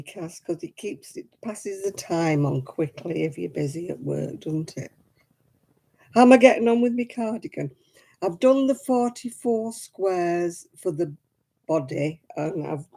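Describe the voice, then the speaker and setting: Middle-aged British woman hosting a homely stream, friendly chatter to viewers, soft husky voice. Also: on the low side. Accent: British English. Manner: chatty, greeting viewers by name. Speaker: livestream host. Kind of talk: casual live-stream chat.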